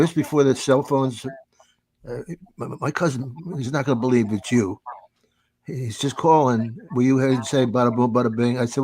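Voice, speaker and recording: An older man hosting a comedy podcast, rambling through stories with halting restarts and put-on voices. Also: medium pitch, darkish tone. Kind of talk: casual comedy podcast chat.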